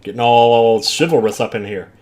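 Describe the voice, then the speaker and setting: A man's voice: mid-range voice, normal speed, darkish tone, a little hiss or hum. A man hosting a let's play, joking through casual game commentary. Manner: joking, laughing asides.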